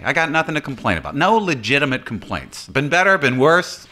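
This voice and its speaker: A man's voice: medium pitch, big pitch swings, moderate pace, creaky, pushed and bright. A man, co-hosting a casual talk show and rambling in a jokey, self-deprecating way. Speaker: podcast co-host. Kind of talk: casual chat.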